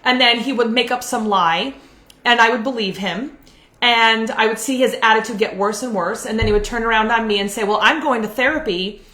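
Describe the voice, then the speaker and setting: A woman's voice: fairly high pitch, steady tone, brisk, bright, forceful tone. A woman counselor giving a candid, earnest live talk and drawing on her own experiences. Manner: candid, earnest, uses personal examples. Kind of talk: live video talk on relationships. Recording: roomy echo.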